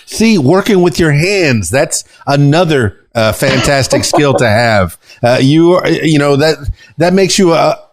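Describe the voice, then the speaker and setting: A man hosting a podcast interview, talking in a rambling way with lots of pauses and fillers. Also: fairly high pitch, lively intonation, no room sound. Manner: warm-hearted, rambling, many uh fillers. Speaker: podcast host. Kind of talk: casual interview chat.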